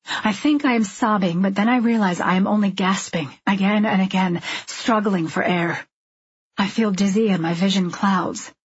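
A woman reading first-person fiction in an intimate, measured, confessional way. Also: mid-range voice, husky, no echo, highs cut off. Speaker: audiobook narrator. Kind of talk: scripted first-person narration.

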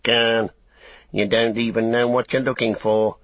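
A man's voice: medium pitch, flat delivery, a little slow, no echo, dull audio, pitched above the performer's own voice, close to an everyday voice. A man voicing a small, sly orc tracker who snarls and whines. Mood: snarling. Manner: snarling, whining.

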